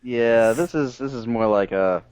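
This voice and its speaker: A man's voice: medium pitch, measured pace, a crowd in the background. A man playing a tabletop game over a voice call, joking playfully. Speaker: player.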